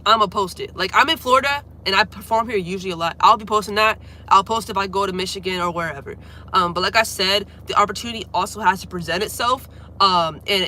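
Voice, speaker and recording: There's a little hiss or hum as a young woman of medium pitch and sharp tone livestreams from home. A singer and streamer, she chats casually but is congested with a cold, coughing and saying sorry.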